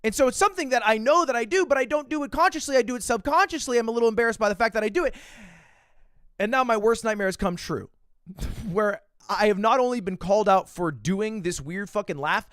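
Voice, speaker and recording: A man in his twenties telling a story on a livestream in an animated, profane, self-deprecating way. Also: high voice, fairly quick, no echo, studio quality. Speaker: streamer.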